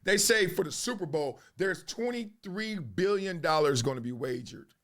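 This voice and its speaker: A man's voice: high voice, animated, moderate pace, a bit bright. A man hosting a sports commentary show, talking loosely with slang and frequent laughs. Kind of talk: casual monologue turning into a rap.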